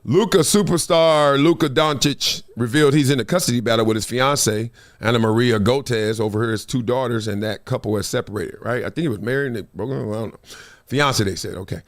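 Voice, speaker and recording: A middle-aged man, a former football player, hosting a casual livestream in an animated, slangy, joking way. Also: medium pitch, normal speed.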